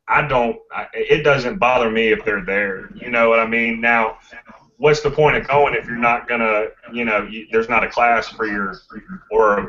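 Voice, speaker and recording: A man's voice: lowish voice, pushed and bright, far from the mic, dull audio. A man taking part in a casual roundtable talk as a guest, speaking in an easygoing, hedging way with many fillers.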